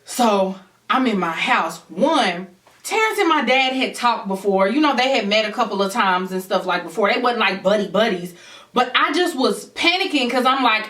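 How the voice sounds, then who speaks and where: A woman tells a story to camera in an animated storytime chat, talking straight to her viewers. Her voice is bright and forward. The room is echoey and she sits a little back from the mic. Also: fairly high pitch, normal speed, far from the mic. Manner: acts out others' voices in quotes. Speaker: vlogger.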